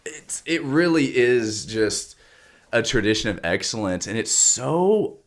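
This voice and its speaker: A young man from Kentucky co-hosting a podcast, chatting casually with quick jokes. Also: mid-range voice, lively intonation. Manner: joking, quick one-liners. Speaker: podcast co-host. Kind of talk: casual chat.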